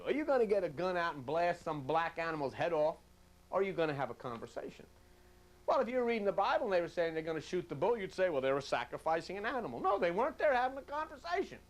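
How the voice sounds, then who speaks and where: Male preacher, fairly high voice, folksy sermon delivery that acts out everyday voices.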